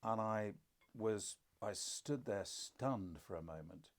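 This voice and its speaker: A man's voice: fairly low pitch, slow pace. An older man, a podcast co-host and father, telling stories in casual conversation with dry, self-deprecating humour.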